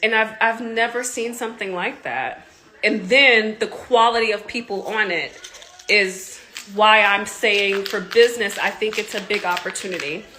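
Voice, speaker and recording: A woman in her thirties, a marketing coach, chatting casually and excitedly on a live video, rambling with lots of "like" while sounding a bit congested. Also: mid-range voice, moderate pace, a little hiss or hum. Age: 30s.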